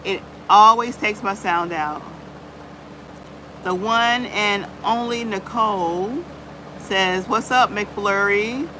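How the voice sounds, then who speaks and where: A woman's voice: medium pitch, slow, sharp tone, a little hiss or hum, poor audio. Chatty woman hosting a live stream. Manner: chatty, greets viewers by name, peppers talk with "y'all". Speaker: livestream host. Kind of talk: casual live chat.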